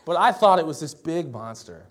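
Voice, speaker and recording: A young man from Minnesota giving a sermon, telling a childhood story in a relaxed, conversational way and often asking "right?". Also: on the high side, normal speed. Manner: conversational storytelling, tag questions and laughter. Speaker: pastor.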